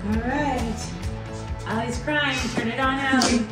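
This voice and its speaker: A woman's voice: high voice, steady tone, takes it slowly, reverberant, loud music behind the voice. A woman, the bride, chatting on her wedding day, giggly and close to tears. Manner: giggly, tearful. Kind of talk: casual emotional chat.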